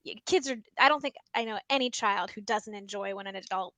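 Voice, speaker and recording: A woman's voice: medium pitch, fairly quick, sharp tone, dry recording, rough recording. A woman librarian giving casual teaching tips about reading picture books aloud, chatty and full of ums. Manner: chatty, many ums, explains by example. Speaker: school librarian.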